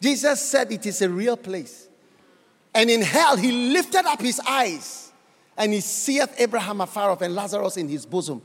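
A man from Ghana preaching a sermon in a church hall, building to shouted, sing-song emphasis. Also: high-pitched, expressive, moderate pace.

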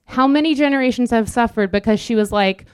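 A young woman preaches in an earnest, conversational style, breaking into quick asides. Her voice is smooth and resonant. The sound is dry, with no room echo. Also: on the high side. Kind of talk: sermon.

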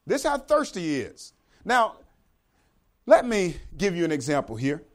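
Animated high-voiced preaching man. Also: moderate pace. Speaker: pastor. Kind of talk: sermon.

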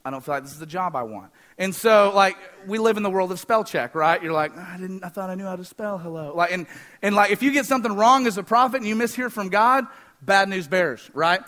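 A man preaching a sermon, fast-talking, energetic and joking with the congregation. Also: high voice. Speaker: pastor.

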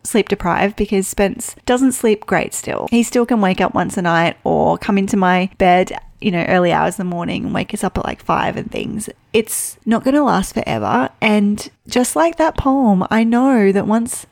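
A woman in her thirties hosting her own podcast, talking in a heartfelt, reflective way with a quick, chatty delivery. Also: medium pitch, creaky, darkish tone, dry recording. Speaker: podcast host. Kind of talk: personal podcast monologue.

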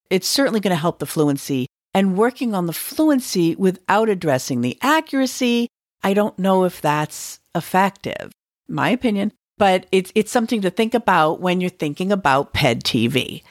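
A woman's voice: lowish voice, no room sound, studio quality. A woman teacher hosting an educational podcast, talking in a conversational way and musing aloud with the odd filler.

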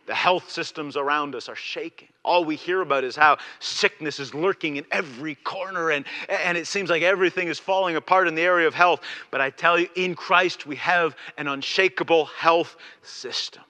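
A male pastor preaching to his church with fervent insistence, circling back on phrases and restarting lines as he builds. His voice is bright and forceful, sitting a little high for a man. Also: moderate pace, few pauses. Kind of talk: sermon.

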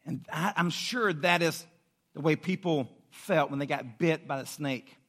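Man, preacher, sermon, bright tense tone, passionate. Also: a little high, unhurried.

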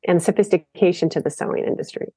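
A woman guest in an interview, telling stories about her design work in a lively, enthusiastic way. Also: fairly low pitch, quick pace, slightly rough, no room sound. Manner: storytelling, enthusiastic. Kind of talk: casual interview talk.

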